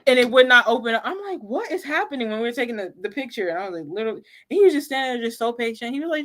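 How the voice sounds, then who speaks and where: A woman chatting casually as co-host, telling an animated story with lots of "like" and frequent laughter. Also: on the high side, quick pace. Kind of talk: casual fan chat.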